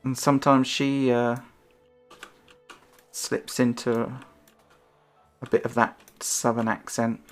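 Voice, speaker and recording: A woman's voice: very deep voice, flat delivery, slow, pauses often, faint music behind. A woman streamer chatting casually in a rambling, self-conscious way, her intonation rising and falling.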